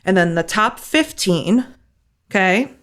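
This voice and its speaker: A woman's voice: medium pitch, takes it slowly, smooth. Chatty woman podcast co-host. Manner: excited, rambling, swears casually. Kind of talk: casual chat.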